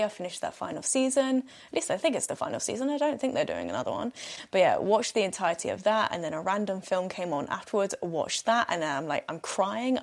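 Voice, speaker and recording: A young woman with a British accent talks through her week on a solo podcast. Her voice sits at an ordinary middle pitch. She chats freely, pokes fun at herself and laughs often. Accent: British English. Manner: chatty and self-mocking, laughs often. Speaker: podcast host. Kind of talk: casual solo podcast chat.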